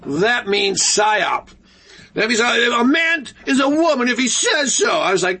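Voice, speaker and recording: A male talk show host on his own in a studio, ranting with animated, sarcastic energy. His voice is high and gravelly, with a husky edge. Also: normal speed. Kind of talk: solo ranting commentary. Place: broadcast studio, alone.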